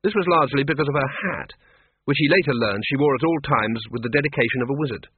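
A man's voice: mid-range voice, fast, slightly rough, no room sound. A man narrating a story with dry, wry timing. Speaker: audiobook narrator. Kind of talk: scripted narration. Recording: tinny radio broadcast.

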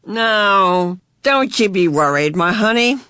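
A man reading aloud, voicing an eccentric old woman tramp with a creaky voice and a quaint, folksy, drawn-out way of talking. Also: high voice, lively intonation, sharp tone, dry recording, clean studio sound, voice pushed up, heavily acted. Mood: whimsical. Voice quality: creaky voice like an unoiled gate.

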